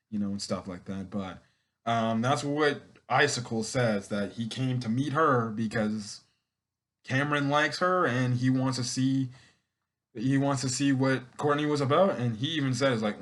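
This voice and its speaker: A man talking casually through a TV episode recap in a loose, rambling way. He restarts sentences, corrects himself and slips into quick acted-out quotes from the characters. His voice sits at an ordinary middle pitch. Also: fairly bright tone. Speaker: TV episode reviewer.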